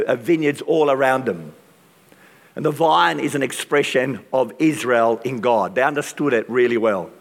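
A man preaching a sermon with passion and dramatic pauses, his voice strained from use. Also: mid-range voice, gravelly. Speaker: pastor. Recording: long reverb of a large hall.

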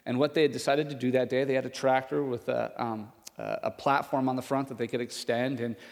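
A man's voice: flat delivery, brisk, vocal fry, big-room sound. A male pastor preaching a sermon, telling a personal story and acting out the voices of the people in it. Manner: storytelling, acts out voices of others with loud raised pitch.

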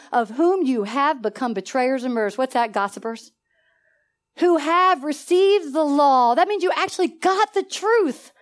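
A woman preaching a sermon in a church, animated and emphatic, asking the congregation call-and-response questions and laughing between points. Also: sits high. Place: church sanctuary.

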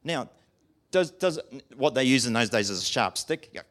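Animated man preaching a sermon. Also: mid-range voice, normal speed. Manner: animated, emphatic, asks the audience questions.

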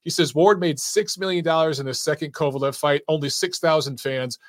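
A man's voice: on the high side, fairly quick, dry recording, clean studio sound. A man hosting a call-in boxing show in casual chat, laid-back, swearing and laughing easily.

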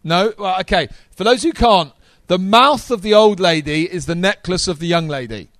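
A man preaching a sermon to a live congregation, energetic and talking straight to the audience. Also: high voice, moderate pace, no echo.

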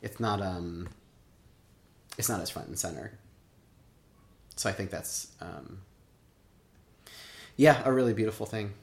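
A man's voice: lowish voice, lively intonation, unhurried, pauses often, darkish tone, a little hiss or hum. Chatty man telling stories in a roomy space. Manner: chatty, many "like" fillers, acts out quotes. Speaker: oral history interviewee. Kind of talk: casual personal storytelling. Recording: roomy echo.

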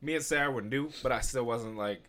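A man with an ordinary-pitched voice tells a story in a casual podcast chat. He rambles, backtracks and restarts his sentences. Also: brisk, a bit bright. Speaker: podcast co-host.

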